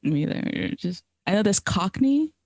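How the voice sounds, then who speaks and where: A woman's voice: mid-range voice, very animated, normal speed, darkish tone, no room sound, studio quality. A woman co-hosting a podcast in casual chat, often laughing and hedging her answers. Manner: giggly, unsure. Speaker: podcast co-host.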